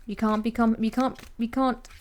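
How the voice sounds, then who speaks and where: Woman, fairly high voice, tarot reader, casual and chatty, teasing, restarts sentences. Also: level tone, normal speed, a little mellow. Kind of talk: casual tarot reading to camera.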